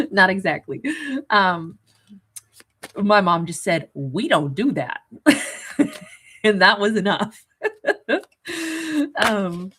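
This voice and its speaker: A woman's voice: on the low side, fairly bright tone. A woman giving a casual tarot reading, talking in a rambling, conversational way full of asides and the odd chuckle. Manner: chuckles at her own jokes. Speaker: tarot reader.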